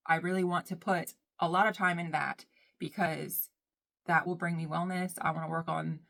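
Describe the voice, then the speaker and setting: A woman's voice: fairly low pitch, fairly even intonation, moderate pace, vocal fry, fairly bright tone. A young woman chatting casually and rambling while she does her makeup, saying "y'all" a lot. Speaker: beauty vlogger.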